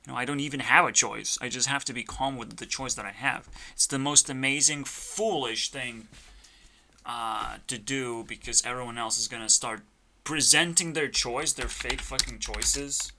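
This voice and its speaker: A man's voice: mid-range voice, moderate pace, bright, forceful tone. A man rambling in a profane, erratic monologue, his volume swinging up and down as he rants. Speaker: vlogger.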